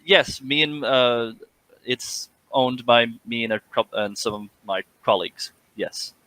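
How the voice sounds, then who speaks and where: A man's voice: medium pitch, a little slow, pushed and bright, no room sound. A man playing a tabletop game, talking in an easygoing, amused way with frequent laughs. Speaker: player. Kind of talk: casual tabletop play.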